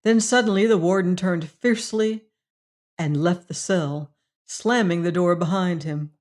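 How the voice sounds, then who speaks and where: Slow, measured woman audiobook narrator. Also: fairly low pitch, darkish tone. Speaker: audiobook reader.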